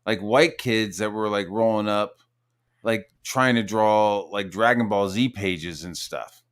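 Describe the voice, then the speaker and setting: A middle-aged man hosting a casual, profane chat, animated and jumping into high-pitched quoted voices. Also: a little slow, clear, resonant tone. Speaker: podcast host.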